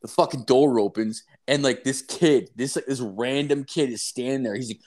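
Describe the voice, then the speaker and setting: A man's voice: mid-range voice, moderate pace, a little mellow. A young man in casual chat, rambling through a story with constant swearing and filler words.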